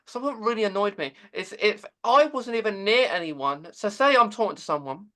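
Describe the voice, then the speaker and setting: A man hosts a casual podcast chat. His voice sits high and sounds bright, and he stumbles and repeats words as he goes. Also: expressive. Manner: halting, with many stammered repeats. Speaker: podcast host. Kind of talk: casual conversation.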